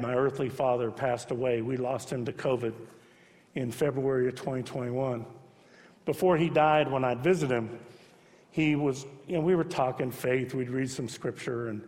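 A man preaching a sermon as pastor, emphatic, swinging between loud urging and soft hushed repetition. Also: mid-range voice, moderate pace. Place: church sanctuary. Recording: long hall reverb.

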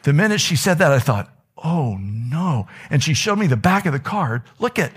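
A middle-aged man preaching a sermon as pastor, telling stories with animation and a voice that climbs high when excited. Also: fast, a little hiss or hum.

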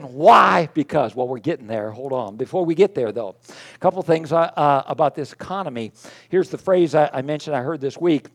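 A man's voice: on the high side, animated, a little fast. A middle-aged man preaching a conversational sermon, self-deprecating and full of fillers and restarts. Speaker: pastor.

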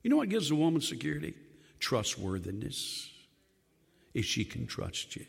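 An older man, a pastor of many years, preaching a sermon that swings from loud emphatic lines to quiet low drops, with joking asides. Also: huge pitch swings, moderate pace, vocal fry, breathy edge, big-room sound.

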